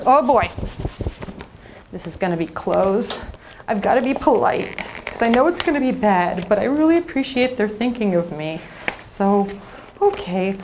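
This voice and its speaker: A young woman telling a comic story on stage, animated and sarcastic, at a live venue. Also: high-pitched, a little hiss or hum.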